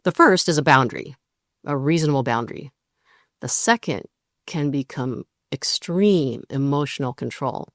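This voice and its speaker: Steady measured woman, dry close sound. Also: a bass voice, no echo. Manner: measured, steady, acts out quoted partners in brief voices. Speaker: relationship podcast host. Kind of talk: calm explanatory monologue.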